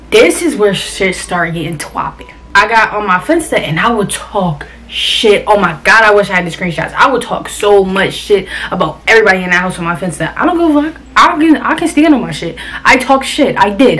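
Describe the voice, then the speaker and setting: A woman's voice: mid-range voice, fairly bright tone. A young woman telling a personal story in a casual vlog, blunt and profane, talking around a cough drop. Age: young adult. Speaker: vlogger.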